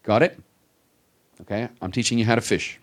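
Low-voiced man preaching emphatically. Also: steady tone, moderate pace. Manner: emphatic, teacherly, rises in volume on readings; frequent stammered restarts. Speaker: pastor teaching the Bible. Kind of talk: expository sermon.

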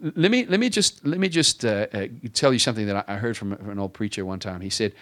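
Preaching with an animated delivery, this male pastor keeps things conversational and pokes fun at himself. He gets louder and higher to stress points, and key lines come out slowly.

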